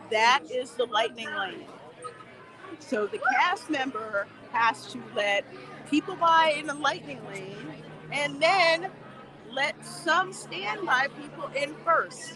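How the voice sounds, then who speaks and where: A high-pitched woman chats with her livestream viewers while she strolls an outdoor theme park line. She laughs easily and answers comments as she goes. A busy crowd murmurs all around her phone mic. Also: lively intonation, slow pace. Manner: chatty, laughing, talks back to viewer comments. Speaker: livestream host. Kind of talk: casual livestream chat while walking a theme park queue. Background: crowd chatter.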